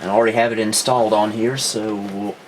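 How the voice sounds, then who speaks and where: A man hosting a casual retro computer review, talking in a relaxed, rambling way full of ums. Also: on the low side, brisk, slight background noise. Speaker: host. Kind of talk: casual tech review chat.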